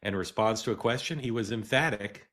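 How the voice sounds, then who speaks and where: A middle-aged man hosting a live political news show, talking in a halting way with many "uh"s and restarts. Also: on the low side, a bit bright. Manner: halting, filler-heavy delivery with frequent "uh" and restarts. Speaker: host.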